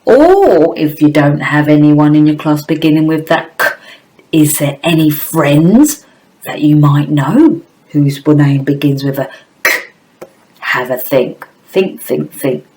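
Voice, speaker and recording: A woman's voice: low-pitched, lively intonation, takes it slowly, a little mellow, poor audio. A woman teacher giving a phonics lesson to young children, in an exaggerated, coaxing sing-song. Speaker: primary school teacher.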